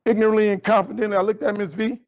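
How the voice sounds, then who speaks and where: A man tells a story to a young audience in a lively keynote style. His voice sits high and leaps up when he acts out the dialogue. The recording is dull and lo-fi. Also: very fast. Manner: animated storyteller acting out dialogue with big pitch jumps. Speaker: motivational speaker.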